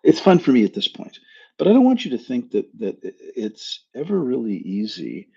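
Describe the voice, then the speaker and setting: A man's voice: medium pitch, huge pitch swings, normal speed, vocal fry, a little mellow, husky. A man hosting a live stream as a spiritual coach, talking in a frank, blunt, casual way and swearing now and then. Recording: dull lo-fi sound.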